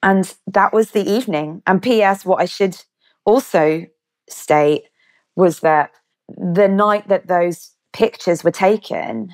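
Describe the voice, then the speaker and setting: A woman's voice: mid-range voice, takes it slowly, darkish tone. A woman in her thirties with an English accent, a podcast guest vividly retelling a personal story and acting out the quotes. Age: 30s. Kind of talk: conversational storytelling.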